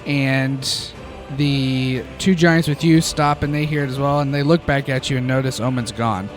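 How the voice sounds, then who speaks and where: A man narrating as game master of a tabletop game, halting and laughing often. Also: medium pitch, fairly even intonation, soft background music.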